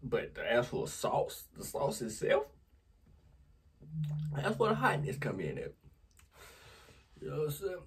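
A man's voice: fairly high pitch, huge pitch swings, unhurried, gravelly, long pauses, slight background noise. A man vlogging casually to his viewers on a phone camera, exclaiming often and talking straight to them.

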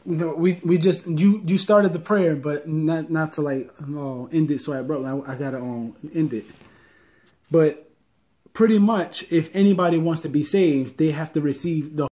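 Guy asking an old preacher lady questions, warm dark voice, kinda halting and sincere. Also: a little high. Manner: earnest, halting, heartfelt. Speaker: interviewer. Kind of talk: casual chat.

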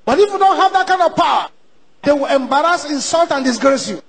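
A man as a pastor leading a loud prayer sermon in a church service, shouting commands and speaking in tongues. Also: very high-pitched, expressive, brisk.

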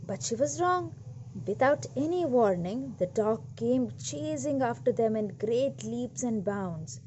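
A woman reads a children's story aloud, animated and pausing to question her listeners. Her voice is rather high and swings widely, paced very slowly, with a faint hiss behind. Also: muffled recording.

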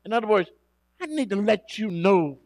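A man preaching a sermon, animated and swinging between loud emphasis and quiet asides. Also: high voice, normal speed, no echo, clean studio sound. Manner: acts out quoted scripture speakers dramatically.

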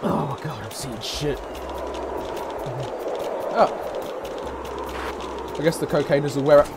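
A man giving excitable, profane let's play commentary as a gaming YouTuber, trash-talking and shouting now and then. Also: on the high side, brisk, very noisy. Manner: shouts and whoops suddenly. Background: game music.

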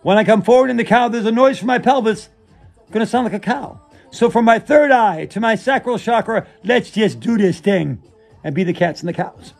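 A man playing an over-earnest female yoga instructor who leads a comic yoga class, chanting in a breathy sing-song. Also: sits high, a little fast, faint music behind. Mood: dreamy.

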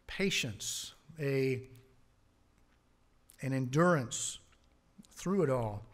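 A man preaching a sermon as pastor, earnest, rising on key words and dropping low on asides.

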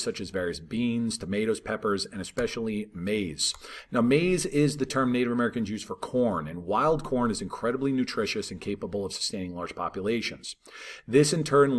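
Pitched fairly low, a male history teacher speaks casually over maps, peppering his lesson with "right?" and "all right" to keep students with him.

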